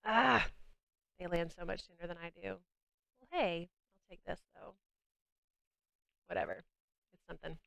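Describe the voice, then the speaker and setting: A woman's voice: on the low side, unhurried, creaky, pauses often, pushed and bright, no echo. A young woman with a Southern US accent hosting a game livestream, chatting casually and bubbly with viewers as she plays. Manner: chatty, bubbly, talks to chat while playing. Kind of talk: casual game stream chat.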